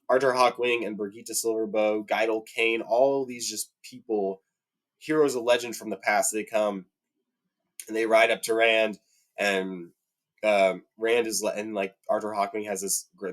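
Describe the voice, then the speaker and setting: A man with a fairly low speaking voice talks through a long, casual rant, filling gaps with ums and likes. When he gets indignant his voice jumps much higher and louder, then settles back down as he retells the plot. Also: flat delivery, moderate pace. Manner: heated, rising to high-pitched indignation, many fillers. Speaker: book fan commentator. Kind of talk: casual rant about a TV adaptation.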